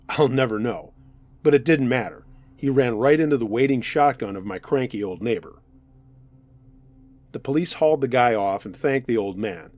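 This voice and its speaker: A man reads a true scary story aloud at a medium pitch. His delivery is calm and steady, with the even pacing of a practiced storyteller. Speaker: narrator reading listener stories. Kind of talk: scripted horror story narration.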